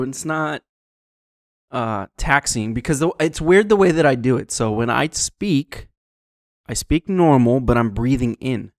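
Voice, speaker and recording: A young man co-hosts a casual podcast and talks in a relaxed, meandering way with a middle-pitched voice. He is recorded dry and close. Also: unhurried, dry recording. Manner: relaxed, rambling with fillers. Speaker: podcast co-host. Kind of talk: casual chat.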